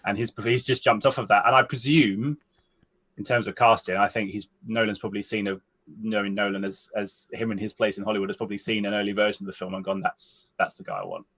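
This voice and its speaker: A man's voice: lowish voice, level tone, fast talker, fairly bright tone, breathy edge. A man co-hosting a casual film chat, thinking aloud in long, winding sentences. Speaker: film podcast co-host.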